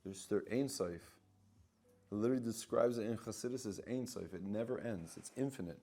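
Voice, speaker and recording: With a fairly low-pitched voice and a fairly quick pace, a man who works as a spiritual coach delivers a lively teaching talk. He repeats phrases and voices the inner dialogue he's explaining.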